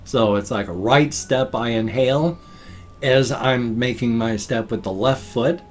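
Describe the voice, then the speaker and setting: A man's voice: medium pitch, a little slow, a little hiss or hum. An older man talking casually on his vlog, folksy and chatty, explaining things at length with homespun sayings. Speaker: vlogger. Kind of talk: casual rambling vlog talk.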